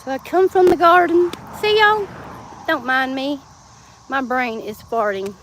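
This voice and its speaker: A middle-aged woman with a drawl talks to her phone camera in a loose, rambling way, laughing often. Her voice sits high. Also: a little slow, a bit bright, slight background noise. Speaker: vlogger. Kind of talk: casual livestream chat. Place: home and yard, outdoors at times.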